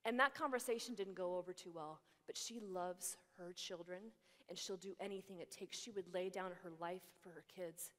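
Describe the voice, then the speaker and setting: A woman who is a religious sister, giving a humorous keynote talk and telling stories in a lively, animated way. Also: fairly low pitch, normal speed. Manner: lively, animated storyteller acting out voices. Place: large conference hall. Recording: echoey large hall.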